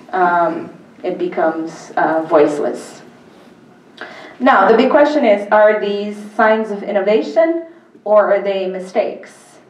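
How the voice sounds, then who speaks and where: A woman's voice: mid-range voice, darkish tone. A woman giving an academic lecture at a public symposium, speaking conversationally with frequent ums and uhs. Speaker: university lecturer. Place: lecture hall. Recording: echoey hall, mic from far off.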